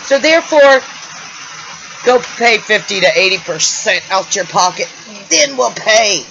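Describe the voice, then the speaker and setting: Speaking at a measured pace with lively intonation and vocal fry, this American woman has a mid-range, fairly bright voice on dull audio with some hiss or hum. She's a vlogger at home, venting angrily in an emotional rant, stumbling over words, repeating herself and coming across a little loopy.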